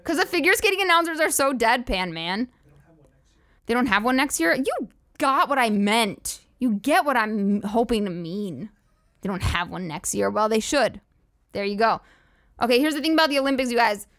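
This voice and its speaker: A woman's voice: a little high, lively intonation, moderate pace, fairly bright tone, no echo, studio quality. A young woman hosting a podcast, ranting casually with sarcastic, profane, rambling asides. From United States. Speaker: podcast host. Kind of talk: casual comedic rant.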